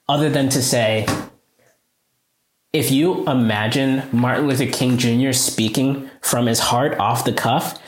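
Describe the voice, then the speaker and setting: A man tells a classroom story with earnest conviction, his voice lifting when he is moved. He speaks at an average pitch. The recording carries a noticeable room echo. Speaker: high school teacher, guest. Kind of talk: conversational storytelling.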